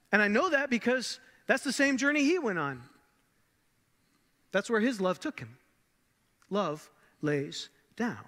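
A man preaching a sermon as pastor, pausing for effect and dropping soft and low on key words, with casual asides to the listeners. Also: big-room sound. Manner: dramatic pauses, drops to soft lows on key words; conversational asides. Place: large church hall.

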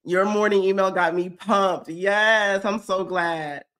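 Gal vlogger, bright tone, kinda stuffy nose, chatty and effusive, lots of y'all. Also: female voice, mid-range voice, fairly even intonation, slow pace. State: stuffy from a cold. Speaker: vlogger hosting a fitness check-in livestream. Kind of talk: casual livestream chat reading comments.

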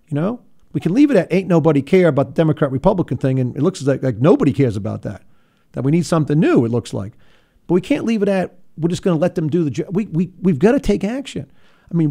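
A man with a gravelly, mellow voice that sits a bit high for a man hosts a political talk radio show. He talks in an earnest, restless way and stumbles over repeated words as he drives his point home. The rasp stays under his voice the whole time. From Rhode Island.

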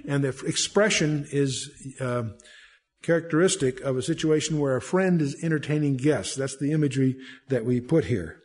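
A man's voice: a little high, a little fast, a little mellow. A man teaching a verse-by-verse Bible study, reading scripture aloud and then explaining it in a conversational way with frequent restarts.

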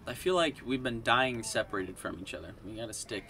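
A young man chatting casually while gaming, excitable and profane, laughing a lot. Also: mid-range voice, brisk, a little hiss or hum. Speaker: gamer.

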